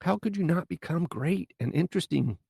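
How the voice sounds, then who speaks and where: A man hosts a solo coaching podcast and speaks in a blunt, casual way. His voice is deeply gravelly and husky. The recording is dry and close. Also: lively intonation, a little fast, a little mellow, dry recording. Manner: blunt, casual, mild swearing. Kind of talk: solo podcast advice talk.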